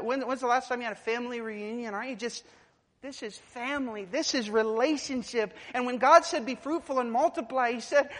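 A male preacher delivering a sermon to a congregation. His voice rises from near-whispers to forceful, climbing peaks of emphasis. The sound carries a long, reverberant hall tail around every phrase. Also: high voice. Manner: builds from hushed to loud and emphatic.

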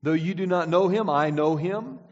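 High-voiced preacher in an echoing hall. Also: male voice, moderate pace. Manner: emphatic, rising and falling, reads scripture aloud. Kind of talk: sermon with scripture reading. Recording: dull sound with long hall reverb.

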